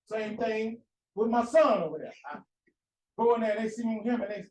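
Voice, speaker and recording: Fiery high-voiced male preacher in echoey room. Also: a little fast, far from the mic. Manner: impassioned, rhetorical, repeats phrases for emphasis. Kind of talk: fiery sermon.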